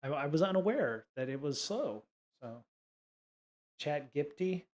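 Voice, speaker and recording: A man's voice: on the high side, sing-song, moderate pace. A man hosting a casual livestream coding lesson, rambling with many fillers and sarcastic asides. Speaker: livestream host teaching coding.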